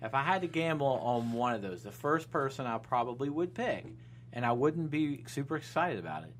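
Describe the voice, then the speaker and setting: A man's voice: mid-range voice, slight background noise. Rambling man in casual sports talk. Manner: rambling, many restarts and fillers, laughs at own jokes. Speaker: podcast co-host.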